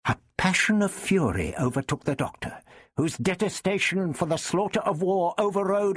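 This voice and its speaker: A man reading a historical novel aloud in an expressive storytelling manner. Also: sits high, moderate pace, breathy edge, no room sound, studio quality. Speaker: narrator.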